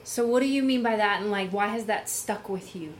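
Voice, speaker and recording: Soft-spoken female interviewer. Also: mid-range voice, a little fast, slight background noise. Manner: supportive, frequent short agreement. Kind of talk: interview conversation.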